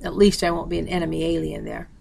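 Bitter old grandfather, grumbling, storybook, read by a woman, gravelly low voice. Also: flat delivery, fast talker, a little mellow, a little hiss or hum. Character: older immigrant man, bitter and gloomy.

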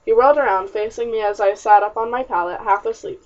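Brief: woman narrator, first-person historical novel, fairly high voice, dull lo-fi sound. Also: fairly quick, few pauses. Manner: expressive, old-fashioned storytelling. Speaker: audiobook narrator.

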